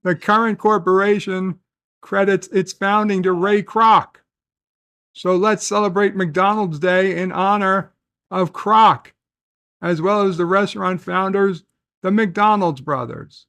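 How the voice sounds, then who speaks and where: Man, live-stream host, casual chat, high voice, slow pace, reads comments aloud, self-correcting. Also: steady tone, fairly bright tone, clear, resonant tone, no room sound.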